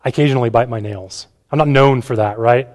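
A man's voice: medium pitch, quick pace, a little mellow. A casual preaching man in a reverberant hall. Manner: casual, often asks "right?", repeats words. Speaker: pastor. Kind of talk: conversational sermon. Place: church room with a gathered audience.

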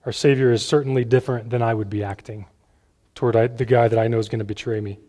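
A man's voice: mid-range voice, fairly even intonation, fast talker, mellow. A man giving a conversational sermon as a pastor, often checking in with "right?" and repeating words as he talks to a gathered room. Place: church room with a gathered audience. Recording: long hall reverb.

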